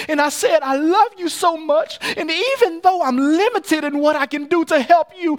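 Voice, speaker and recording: A man voicing a desperate, loyal young man who speaks loudly and earnestly in a sermon story. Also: extremely high pitch, pitched above the performer's own voice.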